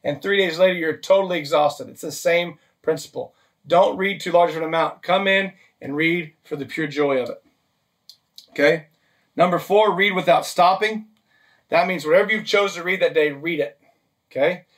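Pastor, male, fairly high voice, conversational sermon delivery, caught a little away from the mic. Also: moderate pace, a bit bright, far from the mic. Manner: practical, list-driven teaching with frequent "okay?" and "right?" check-ins.

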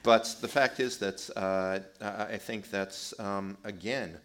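Deep-voiced American man debating. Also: steady tone, slow, a bit bright, slight background noise. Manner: hesitant, many fillers, frank. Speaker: panelist, professor. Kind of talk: panel debate.

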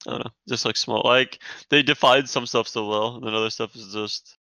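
Gravelly, bright-toned man chatting. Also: medium pitch, fairly even intonation, fairly quick, no room sound, low-quality recording. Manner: laid-back, laughs often, says dude a lot. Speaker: podcast co-host. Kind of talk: casual gaming podcast chat.

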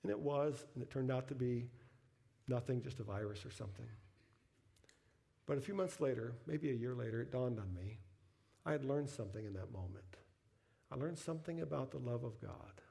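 Preaching at a brisk pace, a middle-aged pastor shares a personal story in his sermon, pausing often in a creaky, medium-pitched voice. The telling swells to emphatic highs and then settles into soft, hushed lines.

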